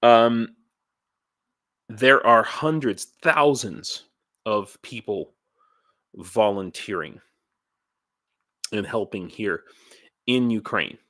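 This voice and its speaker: Slow, low-voiced man ranting on a vlog. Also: fairly bright tone, no room sound, studio quality. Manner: halting, rambling, many restarts and fillers; ranty, blunt with swearing. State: tired, dehydrated. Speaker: YouTuber and volunteer in Ukraine. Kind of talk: casual vlog monologue.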